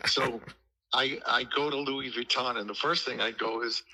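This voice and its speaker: An older man tells animated stories as an interview guest. His voice is bright and forceful, with a gravelly, husky grain. He slips into playful impressions of the people he quotes. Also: mid-range voice, normal speed, rough recording. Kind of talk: casual storytelling interview.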